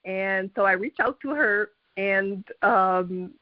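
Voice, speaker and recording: A woman's voice: mid-range voice, takes it slowly, no room sound. A middle-aged woman from Quebec with a Québécois French accent, telling her story as a guest on a call, hesitant with many fillers and frequent laughs. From Quebec, Canada. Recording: dull lo-fi call audio.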